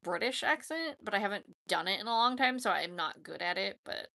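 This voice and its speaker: Giggly chatty woman with a gravelly voice. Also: mid-range voice, fairly quick, bright, forceful tone, no room sound. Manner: chatty, giggly, self-teasing. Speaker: YouTube channel host. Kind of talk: casual livestream chat.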